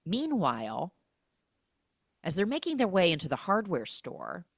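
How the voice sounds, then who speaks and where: A young woman hosting a comic film-recap podcast, telling the story with lively asides and acting out the characters' lines in exaggerated voices. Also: fairly low pitch, unhurried, no echo, clean studio sound. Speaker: podcast host recapping films.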